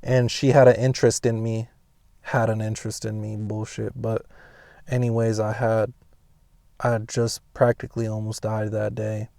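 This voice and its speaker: A young man telling a personal story casually, swearing heavily and rambling with restarts, and getting loud and high when he reenacts scenes. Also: level tone, normal speed, gravelly, no room sound, studio quality. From Pasadena, California. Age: young adult.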